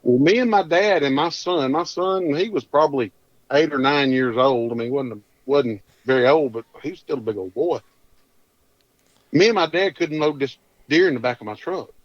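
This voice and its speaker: A man's voice: on the high side, moderate pace, no echo. A man, a podcast guest telling a hunting story in a folksy, rambling drawl. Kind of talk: casual storytelling. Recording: dull dry lo-fi audio.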